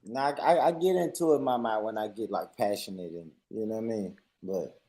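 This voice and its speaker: A man's voice: lowish voice, brisk, warm tone. A man from Tennessee with a Southern accent, teasing and repeating himself in a casual group chat.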